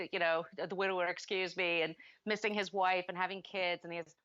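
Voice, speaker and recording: A woman's voice: lowish voice, steady tone, normal speed, fairly bright tone, no echo. Chatty woman co-host, lo-fi sound. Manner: chatty, rambling, frequent self-corrections. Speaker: podcast co-host. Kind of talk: casual movie chat.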